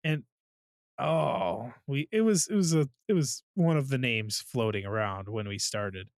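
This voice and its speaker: A man's voice: mid-range voice, animated, measured pace, dry recording. A man co-hosting a casual podcast, telling movie scenes in an easygoing way and acting out the quotes. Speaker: podcast co-host. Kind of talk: casual chat.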